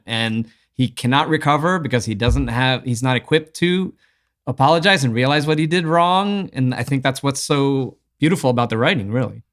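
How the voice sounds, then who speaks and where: A man's voice: mid-range voice, a bit bright. A man hosting a podcast in casual film chat, agreeable and earnest as he explains a scene. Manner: agreeable, constant backchannel, earnest when explaining. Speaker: podcast host.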